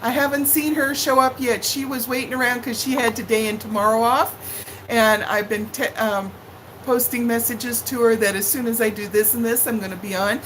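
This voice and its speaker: A middle-aged woman, a livestream cooking host, chats casually from her living room and greets viewers by name with sing-song hellos. Her voice is a little high, steady and fairly bright at a moderate pace, on a rough recording with some hiss or hum.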